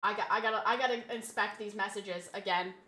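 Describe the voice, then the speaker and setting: Woman streamer with a bright, sharp voice; rambling and exasperated, prone to yelling outbursts. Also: mid-range voice, fairly even intonation, fairly quick. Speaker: live streamer. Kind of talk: casual live-stream chat.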